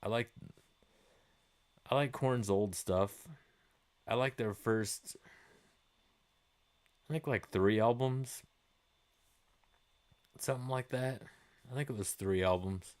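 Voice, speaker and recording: A man's voice: mid-range voice, slow, long pauses. A man in his forties hosting a gaming live stream, chatting with viewers in a rambling, laid-back way and swearing freely.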